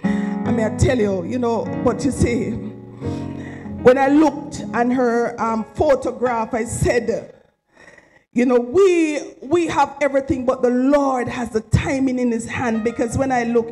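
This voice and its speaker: A woman's voice: a little high, unhurried, darkish tone, soft background music, poor audio. A woman giving an emotional, rambling, heartfelt tribute at a memorial service, near tears at times. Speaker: eulogy speaker at a memorial service.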